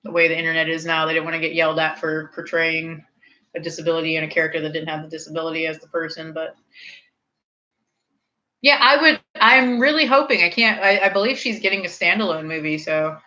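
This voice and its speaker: A woman in her thirties hosts a relaxed chat with her viewers, a little tipsy and prone to rambling tangents. Her voice sits fairly low but sounds bright and forceful. The audio is dull and lo-fi. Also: a little fast. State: slightly tipsy. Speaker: streamer hosting a snack review.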